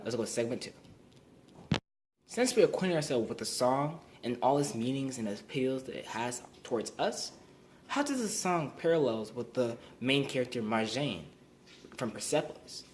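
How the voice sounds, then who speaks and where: A man's voice: medium pitch, a little hiss or hum. A young man giving a recorded class presentation, earnest and explanatory, often restarting and repeating words. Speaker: student presenter.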